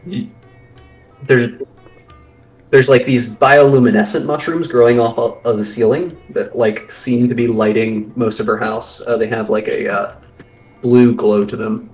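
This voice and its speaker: A man's voice: fairly low pitch, fairly even intonation, a little slow, soft background music, rough recording. A young man narrating a tabletop game as game master, casual and full of fillers.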